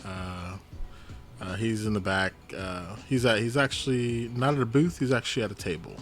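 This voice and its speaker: A man's voice: lowish voice, fairly even intonation, moderate pace, soft background music. A man acting as game master, narrating a tabletop game to the players with chuckling asides. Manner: addresses players in second person, chuckling asides.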